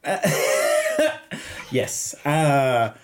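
A man's voice: medium pitch, sing-song, very slow. A young man with a Zimbabwean accent tells a story on a casual podcast. His voice sits in an ordinary middle range. He laughs often and slips into voices for the people he quotes. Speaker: podcast guest.

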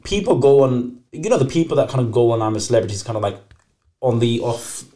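Fast-talking man, podcast co-host. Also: medium pitch, big pitch swings, dark tone. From United Kingdom. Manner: insistent, defensive. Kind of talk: casual chat.

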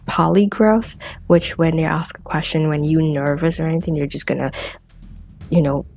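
Raspy woman casually retelling a crime story. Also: low-pitched, fairly even intonation, normal speed, a little mellow. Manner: rambling, many restarts and fillers, acts out quotes.

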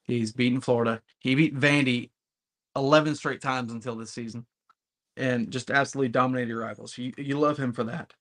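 A man's voice: mid-range voice, fairly even intonation, brisk, fairly bright tone. A man co-hosting a casual sports podcast, talking bluntly and emphatically about his team. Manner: emphatic, blunt, occasionally profane. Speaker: podcast co-host.

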